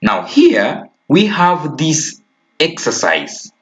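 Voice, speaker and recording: A man's voice: on the high side, wildly swooping pitch, vocal fry, a bit bright. A man with a Ugandan English accent teaching a recorded primary school lesson, stressing key words and checking in with "okay?". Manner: slow, emphatic, repeats key words and asks "okay?". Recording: dull lo-fi recording.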